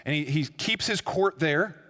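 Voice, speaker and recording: A man's voice: on the high side, expressive, measured pace, sharp tone, big-room sound. A man preaching a sermon, telling a story with frequent fillers and restarts. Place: church.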